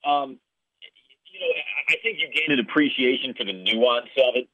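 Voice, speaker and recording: Over a tinny phone line that makes him sound narrow and dry with no room around him, a Chicago-area man who calls games for a living answers podcast interview questions. He has a Chicago accent and a mid-range voice at normal speed, telling his stories earnestly.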